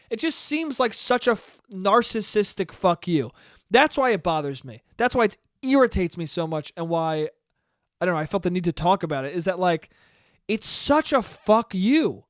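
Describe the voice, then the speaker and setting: Casting: male solo podcaster, high, smooth voice, swears freely, rambles and puts himself down. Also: very animated, moderate pace, no room sound, studio quality. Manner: profane, rambling, self-deprecating. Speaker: podcast host. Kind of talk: solo casual podcast rant.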